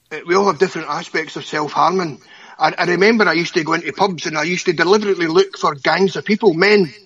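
Scottish guy in his 50s, a bit high voice, stumbles over his words telling his story. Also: pushed and bright, husky. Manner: halting, repeats words, stammers when upset. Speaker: guest. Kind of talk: emotional personal testimony. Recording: dull lo-fi audio.

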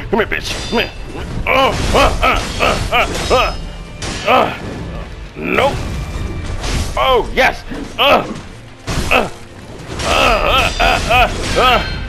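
A man, hosting a gaming channel and yelling, cursing and cheering through live gameplay commentary. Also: high voice, expressive, takes it slowly, gravelly, pauses often, music in the background. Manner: loud, cursing, shouting at the game.

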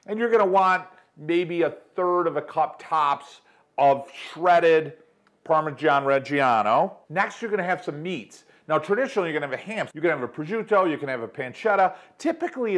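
Upbeat middle-aged New man hosting a home-kitchen cooking demo, chatty with viewers, slightly high pitch. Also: a bit bright. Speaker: cooking show host. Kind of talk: casual cooking demonstration.

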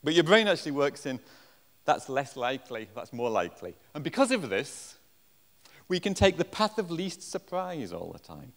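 A man with an English accent speaks at a conference, his delivery animated and full of self-deprecating jokes. His voice sits a little high and swings widely in pitch. The sound carries a long reverb from the hall around him. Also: moderate pace. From England. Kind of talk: conference presentation.

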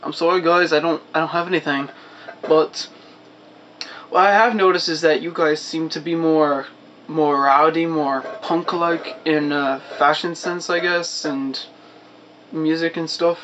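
A man's voice: a little high, fairly even intonation, measured pace, a bit bright, a little hiss or hum, poor audio. A young American man on a casual vlog, trying for a British accent that comes out Scottish, rambling and apologetic with many hesitations. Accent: put-on British attempt that comes out Scottish. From United States. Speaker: vlogger.

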